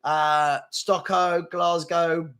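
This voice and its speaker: Young London man, live-stream host, fast and chatty, bright forward tone. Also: on the high side, level tone, clear, resonant tone. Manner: fast-talking, chatty, reads out names and places. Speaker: football chat host. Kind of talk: live-stream casual chat reading viewer comments.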